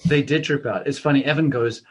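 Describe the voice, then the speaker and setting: A middle-aged Australian comedian telling lively anecdotes in a casual interview. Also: male voice, medium pitch, brisk, a crowd in the background. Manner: animated anecdotes with laughter. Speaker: comedian guest.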